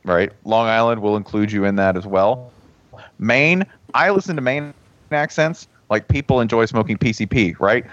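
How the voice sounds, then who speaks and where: A man co-hosting a podcast in casual chat, animated, laughing often and slipping into mock accents. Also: medium pitch, moderate pace, no room sound, muffled recording. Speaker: podcast co-host.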